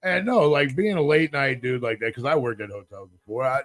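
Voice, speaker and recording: A man's voice: medium pitch, brisk, crowd noise. A man in casual chat, telling a story with lots of swearing and acting out what everyone said. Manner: profane, animated storyteller acting out quotes.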